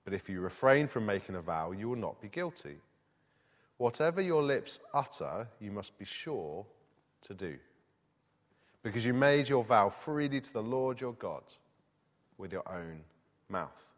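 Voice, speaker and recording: A man's voice: on the low side, big pitch swings, measured pace, long pauses. A man preaching a sermon in a conversational way, reading scripture aloud and asking the congregation questions. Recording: long hall reverb.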